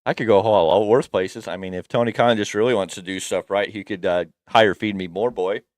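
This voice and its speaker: Smooth low-voiced man riffing on wrestling. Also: steady tone, brisk, darkish tone, no echo, studio quality. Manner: rambling, teasing, breaks into mock wrestler voices. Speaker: wrestling podcast co-host. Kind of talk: casual opinionated chat.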